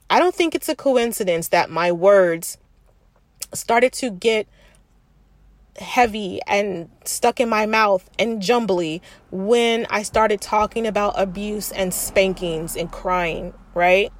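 Speaking in a mid-range voice with no echo, a podcast host offers candid self-help talk. She's frank and confiding, treats the listener like a sister she calls sis, and restarts her thoughts as she reflects aloud.

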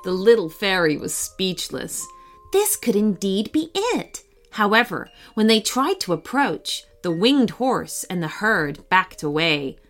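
A woman gently and expressively reading a children's bedtime story. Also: medium pitch, sing-song, takes it slowly, few pauses, faint music behind.

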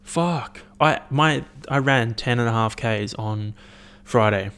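A young man rants casually to his listeners, swearing freely and jumping between stories. His pitch sits in an ordinary middle range, and he rambles with animated bursts. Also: slow pace, smooth. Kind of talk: casual solo rant.

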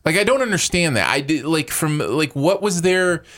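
A man in casual conversation about a film, his voice jumping up high when something puzzles him. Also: normal speed. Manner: animated, voice jumps up when puzzled.

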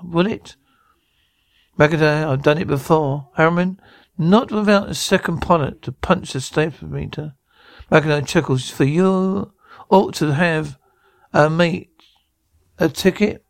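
A man's voice: a little high, vocal fry, no room sound. A man reading a science fiction radio script aloud, names and stage directions included, with frequent stumbles. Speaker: reader.

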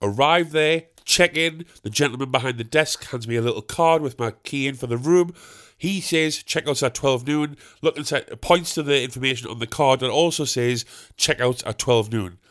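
A young man hosting a podcast, telling a comic anecdote in an animated, boastful way that builds to exasperated outbursts. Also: medium pitch, moderate pace. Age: young adult. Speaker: podcast host. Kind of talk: comic storytelling.

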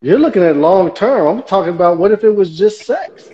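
Mellow male host pushing back. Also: sits high, expressive, a little fast. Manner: conversational, pushes back. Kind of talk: casual call-in debate. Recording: dull lo-fi sound.

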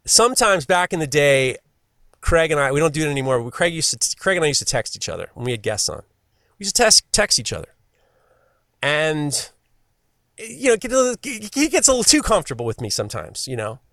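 A man hosting a podcast, telling stories in casual chat, animated and swearing freely. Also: on the high side, fairly quick, dry recording, clean studio sound. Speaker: podcast host.

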